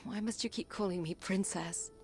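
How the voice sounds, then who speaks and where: A young actress playing an earnest, wary princess with second sight in a video game. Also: female voice, mid-range voice, moderate pace, darkish tone, soft background music, lightly acted.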